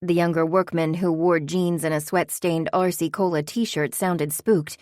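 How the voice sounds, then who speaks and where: A woman narrating a novel in a steady, even audiobook reading. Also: fairly low pitch, a little slow, no room sound, clean studio sound.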